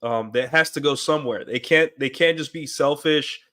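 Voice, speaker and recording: A man streaming alone, talking in a rambling casual monologue with many fillers and quick acted-out quotes. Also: a little high, bright, forceful tone.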